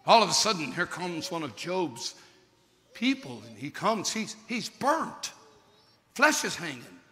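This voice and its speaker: Theatrical preacher with a bright, piercing voice. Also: male voice, big pitch swings, a little slow. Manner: theatrical, swings from shouted peaks to hushed lows. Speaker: pastor. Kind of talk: dramatic sermon storytelling. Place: large church sanctuary. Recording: long hall reverb from a church service.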